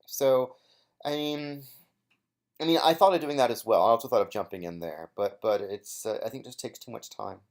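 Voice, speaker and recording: A man's voice: mid-range voice, normal speed. A young man giving casual solo commentary on an episode he once competed in, rambling and hesitant with many fillers and restarts.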